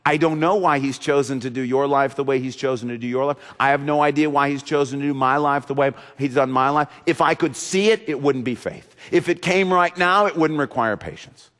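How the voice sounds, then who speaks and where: A man preaching a sermon from the pulpit, earnest and repetitive, rising to emphatic peaks and dropping to a hush. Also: mid-range voice, a little fast, hardly any pauses. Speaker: pastor. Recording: long reverb of a large hall.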